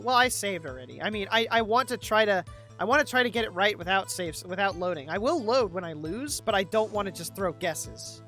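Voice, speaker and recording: Excitable woman streamer over game music. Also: mid-range voice, brisk. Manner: excitable, swears, repeats words when worked up. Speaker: streamer playing a game live. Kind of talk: casual live gameplay commentary.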